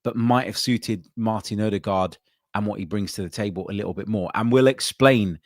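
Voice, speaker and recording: A man with a very low voice hosts a live football podcast, talking loosely and filling pauses with plenty of ums and uhs. He reacts to viewer comments as he reads them out. The sound is close and dry, with little room in it. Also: no echo. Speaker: podcast host.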